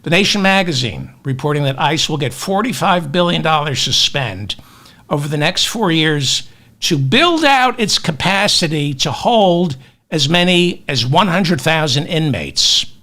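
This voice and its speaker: Man hosting a comic news podcast, sardonic rants, lively swooping pitch, bright edge, slow deliberate pace. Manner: sardonic and exasperated, rants and asides. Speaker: podcast host. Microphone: webcam with automatic tracking.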